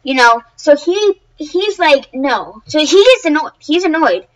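A woman's voice: high voice, lively intonation, measured pace, poor audio. A woman telling a story to her viewers in a casual, rambling way, often restarting and correcting herself. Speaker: YouTuber.

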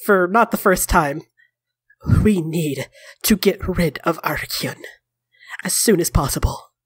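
A woman voicing a protective, caring female warrior who speaks earnestly and gently. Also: lowish voice, takes it slowly, slightly rough, no room sound. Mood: resolute.

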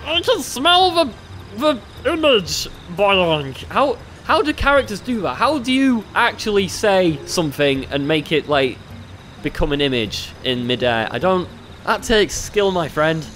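A man's voice: fairly high pitch, lively intonation, a bit bright, slight background noise. A man casually commenting on his video game playthrough, rambling and poking fun at himself. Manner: rambling, self-mocking, quick to laugh. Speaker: let's play host.

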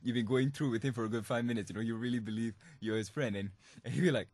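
A man's voice: mid-range voice, fast talker, darkish tone, no room sound. Playful young man hosting a podcast. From Singapore. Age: young adult. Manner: laughing often, playful and mischievous. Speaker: student radio podcast host. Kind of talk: comic monologue podcast.

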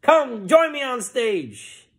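A man doing a fired-up high preacher. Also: sing-song, vocal fry, full character voice. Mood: rousing. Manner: loud, rousing, drawn-out calls. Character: fired-up male preacher leading a healing session.

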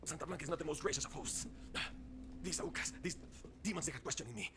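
A man's voice: fairly high pitch, fast, close to an everyday voice. An actor playing a battered, bitter male rebel prisoner in a video game, speaking grimly and formally. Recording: noisy game audio.

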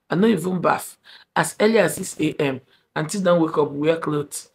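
Young woman, Nigerian accent, dramatic storytime, lively, loud then hushed. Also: deep voice, moderate pace, slight background noise. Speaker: vlogger. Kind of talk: storytime monologue.

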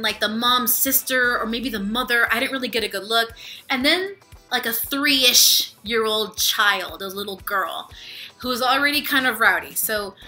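A young woman tells a rambling storytime vlog with a very bright, lifted voice. She swears freely and acts out everyone she quotes. Soft music runs underneath. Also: a little high. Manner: animated, profane, acts out quotes. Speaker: vlogger.

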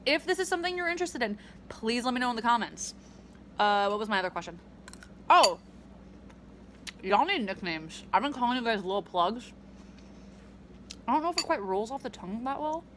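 A woman's voice: a little high, lively intonation, brisk, slight background noise. A young woman chatting casually in a vlog from her bedroom, swearing freely and rambling with lots of ums. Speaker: vlogger.

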